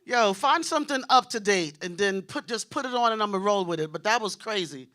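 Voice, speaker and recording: Brief: New woman stand-up, brash and animated, bright and sharp in tone, works the room directly. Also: mid-range voice, brisk. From Queens, New York. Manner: brash, animated, talks straight to the crowd. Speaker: stand-up comic. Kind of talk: stand-up comedy set. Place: comedy club stage.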